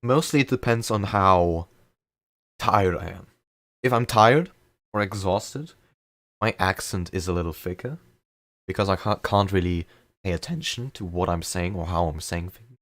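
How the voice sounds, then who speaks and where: A young man with a light German accent, talking loosely and a bit self-deprecatingly to his stream audience. His voice sits very low. The sound is dry and close, with no room to it. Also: normal speed, pauses often, fairly bright tone, no echo. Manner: chatty, rambling, self-deprecating. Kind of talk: casual chat during a live game stream.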